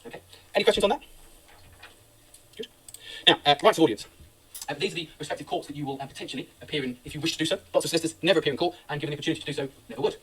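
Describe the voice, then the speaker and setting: Middle-aged man, law lecturer, rapid husky delivery, distant mic. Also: on the high side, fairly bright tone. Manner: brisk, anecdotal, reassuring. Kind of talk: classroom lecture.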